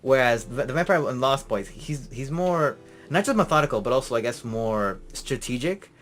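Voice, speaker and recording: A man's voice: mid-range voice, expressive, moderate pace, a bit bright. A man co-hosting a casual podcast chat, teasing with dry humor and often restarting his sentences. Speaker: podcast co-host.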